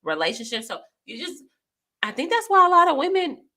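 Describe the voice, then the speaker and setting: Bright-voiced candid woman. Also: sits high, very animated, a little fast. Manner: candid, reflective, emphatic. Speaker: podcast co-host. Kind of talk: casual chat.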